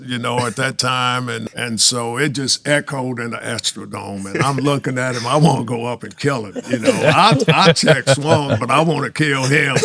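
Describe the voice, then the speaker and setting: A man in his sixties, a former pro baseball player, telling lively anecdotes in a casual chat and laughing often. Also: medium pitch, gravelly. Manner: animated anecdotes, laughs often, acts out quotes.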